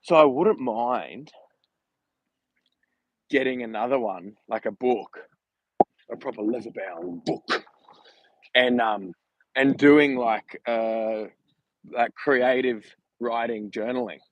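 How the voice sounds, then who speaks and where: A man's voice: medium pitch, slow pace, long pauses, dry recording, poor audio. A man talking casually in a rambling, chatty way while walking outdoors during a livestream vlog, filmed on a handheld phone. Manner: chatty, rambling, laughs while telling stories. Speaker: vlogger.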